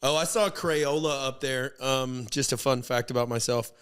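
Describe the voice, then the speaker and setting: A man's voice: mid-range voice, moderate pace, fairly bright tone. Young guy cohosting a podcast, casual chat, acts out voices when he tells a story. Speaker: podcast co-host.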